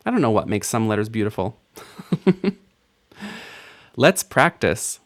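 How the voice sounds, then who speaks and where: Slow playful man teaching a lesson. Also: lowish voice, big pitch swings. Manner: playful, self-mocking, laughs at own jokes. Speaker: language teacher. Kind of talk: recorded language lesson.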